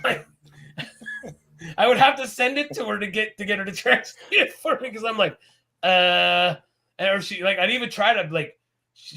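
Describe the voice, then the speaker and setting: Lively, high-voiced animated man. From Canada. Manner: animated, rambling, laughs often. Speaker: podcast co-host. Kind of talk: casual chat.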